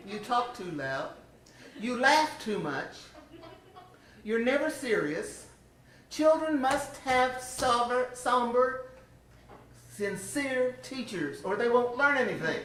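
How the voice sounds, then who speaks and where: An older woman acting out a stern, disapproving male examiner who lectures in a raised, drawn-out voice. The sound is roomy and caught from some way off the mic. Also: fairly high pitch, big pitch swings, fairly bright tone, pitched above the performer's own voice, exaggerated voice. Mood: scolding. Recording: roomy, distant church sound.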